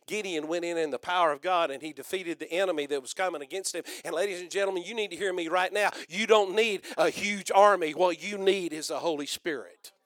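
An older man preaching a sermon, rousing and loud, calling out to the congregation. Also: a little high, no room sound, clean studio sound. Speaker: pastor.

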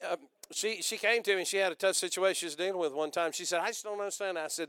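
An older man preaching a sermon, rousing and loud, calling out to the congregation. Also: high-pitched, rapid-fire, no echo, clean studio sound. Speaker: pastor.

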